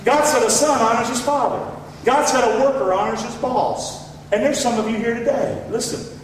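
Folksy Southern preacher in an echoey hall. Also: male voice, fairly even intonation, moderate pace, distant mic, slight background noise. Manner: folksy, swings from loud shouts to low asides. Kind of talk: sermon.

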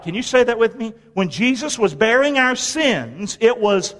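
High-voiced preacher in a reverberant hall. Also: male voice, lively intonation, moderate pace, hardly any pauses, fairly bright tone. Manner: folksy preaching with call-and-response. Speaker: pastor. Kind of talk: sermon. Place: church sanctuary.

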